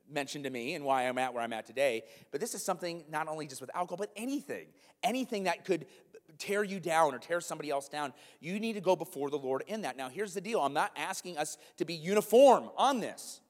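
Preaching man in a reverberant church hall. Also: on the high side. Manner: animated, conversational preaching with asides to the room. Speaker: pastor. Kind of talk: sermon. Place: church hall, live congregation.

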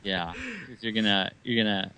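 A man's voice: on the low side, huge pitch swings, normal speed, sharp tone, rough recording. A man in casual podcast chat, trading dry, wry jokes.

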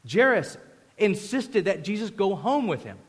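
High-voiced pastor preaching in a hall. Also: male voice, big pitch swings, a little slow, husky. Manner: conversational, acts out voices in quotes. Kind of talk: sermon. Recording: echoey hall reverb.

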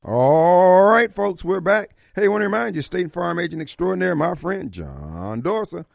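Man, talk radio host, gravelly, lively pitch, dry sound. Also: normal speed, no room sound. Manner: folksy, fiery warnings. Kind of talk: talk radio monologue and call-in.

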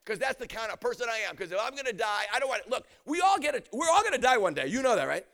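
A man preaching an energetic storytelling sermon, often shouting, acting out quotes and laughing. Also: extremely high pitch, quick pace.

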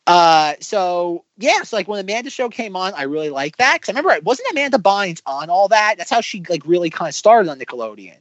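A man in his thirties talks in a bright, high register that leaps up and down as he rambles through casual podcast chat, piling on fillers as he goes. The sound is dry and a little dull, like close, lo-fi podcast audio. It stays loose and chatty throughout. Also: a little fast, hardly any pauses, dry recording. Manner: animated, rambling with many "like" fillers. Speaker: podcast co-host.

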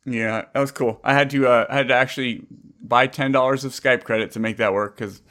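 A man's voice: mid-range voice, steady tone, brisk, a bit bright. A young man hosting a casual podcast, rambling and joking with many restarts. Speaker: podcast host.

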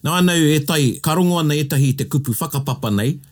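A man from New Zealand with a New Zealand accent, co-hosting a casual bilingual chat in a playful, animated way. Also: on the high side, fast. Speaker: co-host.

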